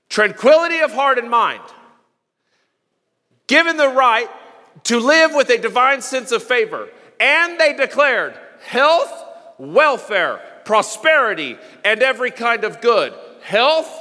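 A man preaching a sermon as pastor, emphatic and repetitive, chanting phrases and sometimes shouting. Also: very high-pitched, in a large hall. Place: church sanctuary.

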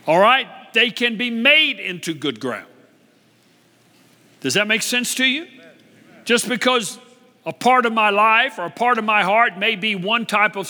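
High bright preacher man in a reverberant hall. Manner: call-and-response, repeats key phrases. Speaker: pastor. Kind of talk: sermon. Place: church.

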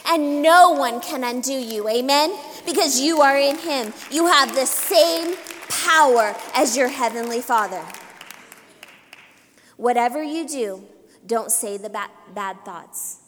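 A woman with a high, girlish voice preaching a sermon, urging her church with emphatic repetition and calls of amen. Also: big-room sound, a little hiss or hum. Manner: emphatic, repetitive exhortation with call-and-response amens. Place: church sanctuary.

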